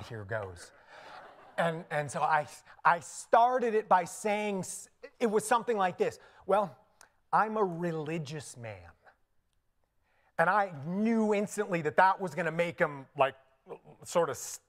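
Animated Indian-accented pastor telling a story. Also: male voice, fairly high pitch. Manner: conversational and animated, often laughing at his own asides. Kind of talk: sermon with personal storytelling. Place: church sanctuary.

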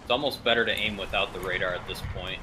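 Low-voiced man on a noisy chat mic. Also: steady tone, fast. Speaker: squad mate. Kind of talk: gaming voice chat.

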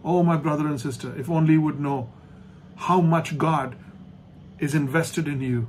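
Emphatic high-voiced male preacher. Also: fairly even intonation, slight background noise. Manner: emphatic, repeats key phrases, slows down for stress; drops to a soft hush at the ends of points. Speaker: pastor. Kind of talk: sermon. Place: online church service.

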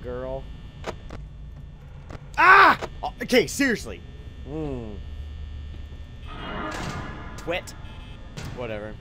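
A young man playing a horror game and commenting, excitable, swearing at it, yelping and trash-talking. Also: on the high side, a little slow, pauses often, background noise. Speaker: gaming YouTuber. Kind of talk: let's play commentary. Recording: game music loud behind voice. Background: game music.

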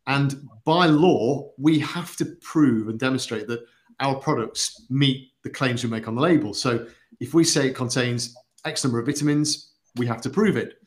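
Earnest man explaining products. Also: mid-range voice. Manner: earnest, explanatory, pauses with fillers. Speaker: product expert on a company livestream. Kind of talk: casual livestream chat.

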